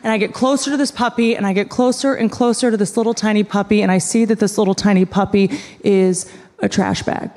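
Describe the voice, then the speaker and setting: A woman's voice: mid-range voice, steady tone, a little fast, a little mellow, big-room sound, a little hiss or hum. A woman in her thirties performing a sarcastic stand-up comedy set on a large theater stage before a live audience. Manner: sarcastic, wry storytelling.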